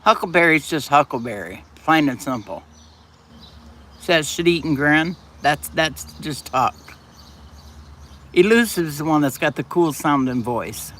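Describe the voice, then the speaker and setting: A man's voice: on the high side, animated, a little slow, bright, forceful tone. A man hosting a casual livestream, chatting and answering viewer comments aloud. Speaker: livestream host. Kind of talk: casual live chat.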